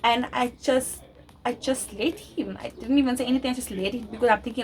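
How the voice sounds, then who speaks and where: A young woman vlogger recounts a personal story, loud and rushed, often restarting her sentences. Her voice sits a little high with a gravelly edge, and music plays clearly behind her. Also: fairly even intonation, low-quality recording. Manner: talks fast and loud, many restarts.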